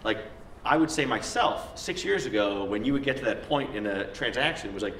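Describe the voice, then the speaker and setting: A man on a discussion panel, telling a lively story in casual conversation. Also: medium pitch. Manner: animated storyteller, quick and lively. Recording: echoey room, distant mic, faint noise.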